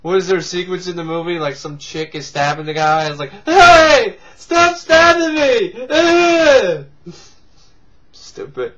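With a fairly high pitch on a muffled recording, a male vlog host offers casual comedic commentary. He's sarcastic and profane, ridiculing things through squeaky put-on voices.

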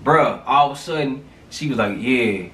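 A man telling a story from his school days in casual slang, animated and acting out the sounds. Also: mid-range voice, brisk, recorded from a distance. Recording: roomy, away from the mic.

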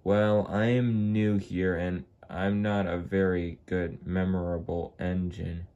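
A man's voice: low-pitched, flat delivery, dark tone, highs cut off. A man voicing a forgetful, bumbling male toy diesel engine who speaks hesitantly. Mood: confused. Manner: slow, hesitant, unsure.

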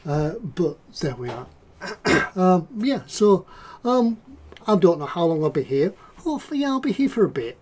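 A man's voice: high-pitched, sing-song, normal speed, a little mellow, a little hiss or hum. A man hosting a casual livestream about model making, chatting in a rambling, jokey way. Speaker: livestream host, model maker.

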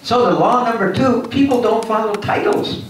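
A man giving a lively motivational lecture at a symposium, acting out little scenes for his audience. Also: very high voice, normal speed, slight background noise. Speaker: guest speaker at a symposium. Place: university lecture hall. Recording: echoey hall from far off.

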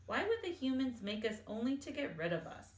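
A woman voicing a calm, proper bowtie pasta character in a storybook. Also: fairly high pitch, fairly quick. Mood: prim. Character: prim, polite bowtie pasta. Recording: echoey room, faint hiss.

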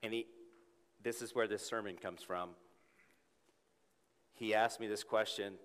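A man preaching a sermon in church, earnest, rising to emphatic peaks and dropping to a soft hush. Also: lowish voice, fairly even intonation, measured pace, pauses often, smooth. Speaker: pastor. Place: church sanctuary with congregation. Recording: long hall reverb.

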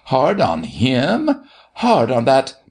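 A man's voice: mid-range voice, huge pitch swings, slow, darkish tone, slightly rough, pitched above the performer's own voice, heavily acted. A man voicing a hot-tempered doctor who snaps and blusters. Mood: indignant. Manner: blustering, snapping.

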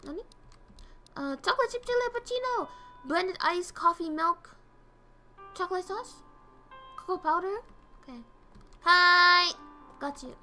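A woman's voice: very high-pitched, moderate pace, pauses often, soft background music. A woman streaming a game, chatting casually, reading orders aloud and swearing when things go wrong. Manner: excitable, swears, reads game dialogue aloud. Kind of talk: casual gameplay commentary.

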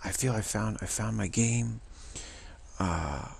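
A man giving a casual spiritual talk to camera, rambling and repeating himself with halting restarts. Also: lowish voice, vocal fry, a little mellow, husky. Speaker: spiritual vlogger.

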